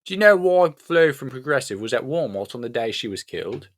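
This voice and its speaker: A man's voice: mid-range voice, very animated, brisk. A man voicing a pompous, boastful male detective in a read-aloud crime story. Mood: probing. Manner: boastful, blustering.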